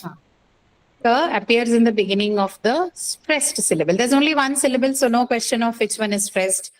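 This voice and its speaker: A woman's voice: fairly high pitch, lively intonation, normal speed, low-quality recording. A woman teaching English pronunciation in a class, quizzing students patiently with many fillers and questions. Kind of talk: online class lecture.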